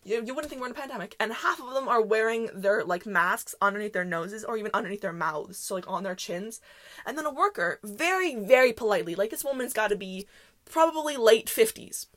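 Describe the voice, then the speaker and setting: A young woman hosting a podcast, telling a story in a rambling, chatty way full of fillers. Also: on the high side. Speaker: podcast host. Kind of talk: casual storytelling monologue.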